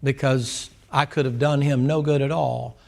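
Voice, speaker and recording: Gravelly folksy preacher man. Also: mid-range voice, fairly even intonation, moderate pace, darkish tone. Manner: folksy, storytelling, asks the class questions. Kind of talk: Sunday school sermon.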